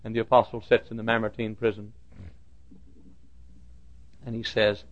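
A man preaching a sermon, repeating phrases for emphasis and swinging from loud outbursts to hushed lines. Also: fairly low pitch, monotone, normal speed, long pauses. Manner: swings between loud shouted lines and hushed quiet ones; repeats phrases for emphasis, acts out quoted dialogue. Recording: dull lo-fi recording.

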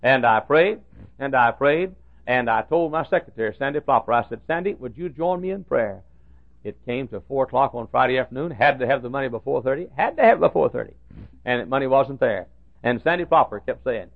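Gravelly older preacher man, lo-fi. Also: medium pitch, very animated, fairly quick, no room sound. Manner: folksy, swings from loud preaching to hushed asides. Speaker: pastor. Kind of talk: sermon with storytelling. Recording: tinny phone-like sound.

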